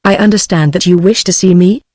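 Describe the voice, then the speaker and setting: A synthetic woman's voice reading a brisk young reporter. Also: sits high, dry recording, studio quality. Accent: British English. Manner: even, measured text-to-speech delivery.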